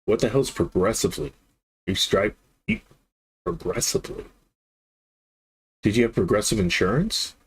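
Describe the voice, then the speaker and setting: A man's voice: on the low side, brisk, slightly rough. A man in his thirties streaming games and telling a long, rambling story, acting out the dialogue as he goes. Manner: rambling, animated storyteller who acts out the dialogue. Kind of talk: casual storytelling on a live stream.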